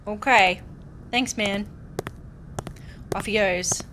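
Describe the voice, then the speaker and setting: A woman's voice: medium pitch, steady tone, very slow, noisy background. A young Australian woman, a game streamer chatting bubbly and giggly with viewers as she plays. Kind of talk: casual let's-play chat.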